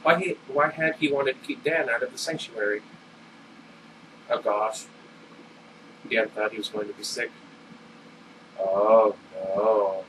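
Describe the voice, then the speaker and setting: A man's voice: lowish voice, takes it slowly, pauses often. Man reading a novel aloud, distant mic. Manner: animated voices, stumbles and corrects himself aloud. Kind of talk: casual read-aloud storytelling. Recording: distant mic with air-conditioner hum.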